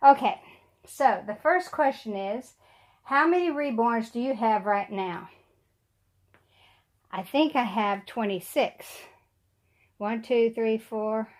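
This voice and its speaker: A woman's voice: fairly high pitch, slow, pauses often. A middle-aged woman, chatting casually to camera at home, her voice a little weak and short of breath, rambling with fillers and small laughs. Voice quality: slightly weak voice. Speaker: doll collector vlogger. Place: room at home.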